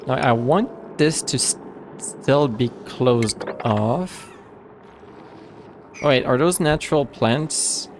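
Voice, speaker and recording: Over some background noise, a man with a mid-range voice streams a game live. His chat is casual and rambling, broken by frequent restarts and fillers.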